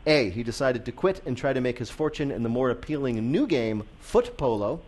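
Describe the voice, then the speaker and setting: A man's voice: mid-range voice, lively intonation, fairly quick, darkish tone. A man hosting a radio quiz, reading questions playfully and laughing often. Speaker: quiz show host.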